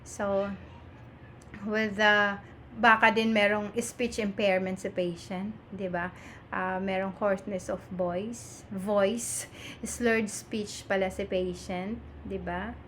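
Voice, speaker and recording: A woman's voice: medium pitch, a bit bright, slight background noise. A woman with a Filipino accent giving a nursing lecture, mixing English and Tagalog and often asking "di ba?". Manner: switches between English and Tagalog, fills pauses with "Ayan" and "di ba?". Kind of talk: online lecture.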